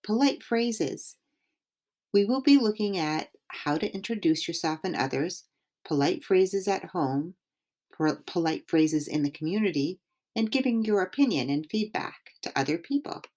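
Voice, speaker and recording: A woman teaching beginner English, reading out polite phrases and short example dialogues slowly and clearly. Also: lowish voice. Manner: slow, clear, lively intonation.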